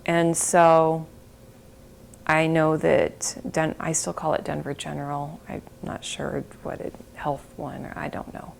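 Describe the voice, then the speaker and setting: A middle-aged woman giving an emotional interview, halting and breaking off, sometimes dropping to a whisper. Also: sits low, monotone, creaky, slight background noise. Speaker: interviewee, bereaved mother.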